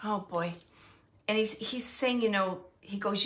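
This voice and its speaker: A woman working as a psychic medium, relaying messages in a halting way, repeating herself and dropping into whispered asides. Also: medium pitch, bright, forceful tone. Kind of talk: live spirit reading.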